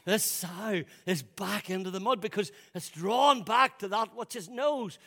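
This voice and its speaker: A man's voice: sits high, a little slow, a bit bright. A man preaching a sermon in a church service, emphatic and given to repeating words as he presses his points. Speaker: pastor.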